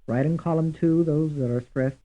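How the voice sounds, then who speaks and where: A man reading a language course drill slowly and deliberately, saying each word twice. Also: on the high side, warm tone. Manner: reads words twice, evenly paced. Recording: tinny, phone-like old course audio.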